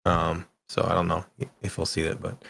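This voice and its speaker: A middle-aged man co-hosting a casual gaming podcast, ranting in an animated way and swearing freely. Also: deep voice, moderate pace, creaky. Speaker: podcast co-host.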